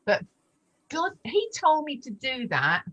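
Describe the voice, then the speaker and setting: A woman in her forties telling her faith testimony in a lively, animated way, acting out the voices in her story. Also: takes it slowly, slightly rough, poor audio. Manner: animated storyteller, acts out dialogue with big pitch jumps. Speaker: guest sharing testimony. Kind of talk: storytelling testimony in a casual chat.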